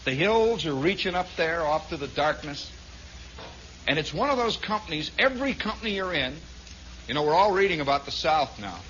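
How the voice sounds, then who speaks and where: Man, radio storyteller, from Indiana, high bright voice, dull lo-fi 1960s broadcast. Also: lively intonation, normal speed, a little hiss or hum. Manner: rambling, conversational, full of asides. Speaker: radio host. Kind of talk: storytelling monologue.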